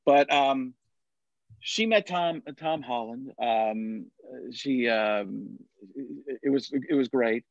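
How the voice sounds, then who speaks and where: A man's voice: medium pitch, slow, dry recording. A middle-aged man telling a long story in casual chat, with many restarts and fillers. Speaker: podcast guest. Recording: dull, lo-fi sound.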